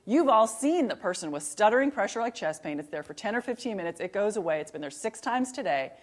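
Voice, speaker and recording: A middle-aged woman lectures on emergency medicine in a mid-pitched voice, talking straight to the audience. She keeps it conversational and lively, tosses out rhetorical questions, and repeats her key points for emphasis. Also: quick pace. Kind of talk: recorded continuing-education lecture.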